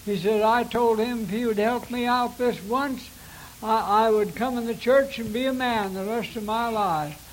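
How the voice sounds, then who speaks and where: High-voiced older man preacher telling old stories. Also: slight background noise, low-quality recording. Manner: folksy, halting storytelling with many restarts. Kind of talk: recounting personal ministry testimony.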